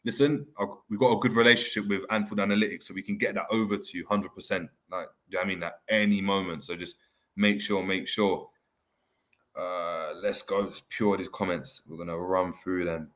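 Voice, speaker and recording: A man's voice: low-pitched, fairly even intonation, a bit bright. A young man with a London accent, hosting a casual live stream and reading out viewer comments in slangy chat. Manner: slangy, fast-talking, reads viewer comments aloud. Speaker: host.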